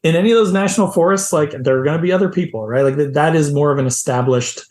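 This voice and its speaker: A man's voice: a little high, fast talker. Middle-aged man telling camping stories, echoey. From American Midwest. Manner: animated, lively anecdotes with quoted voices. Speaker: guest. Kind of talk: casual storytelling. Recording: echoey room.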